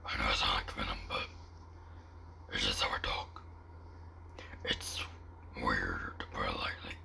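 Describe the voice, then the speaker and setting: A man voicing a gravelly whispering male survivor in a deep raspy Venom-like whisper, as whispered role-play for a drawing video. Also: flat delivery, measured pace, full character voice. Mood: brooding. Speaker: narrator character.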